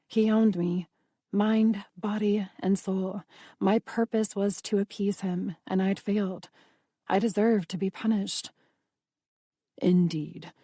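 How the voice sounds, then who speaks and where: A woman narrates an audiobook in the first person, slow and intimate. Her tone is mellow and dark, with a dry close sound. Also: mid-range voice, steady tone, dry recording.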